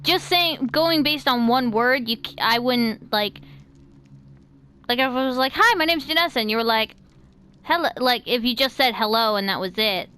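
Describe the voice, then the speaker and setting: A woman's voice: on the high side, moderate pace, a bit bright, smooth. An American woman hosting a casual chat, talking in loose sentences full of fillers and restarts. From United States. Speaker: host.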